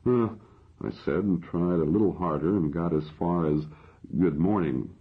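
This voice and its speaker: A man narrating a science fiction audiobook in the first person, in measured storytelling. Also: sits low, steady tone, breathy edge. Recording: dull lo-fi audio.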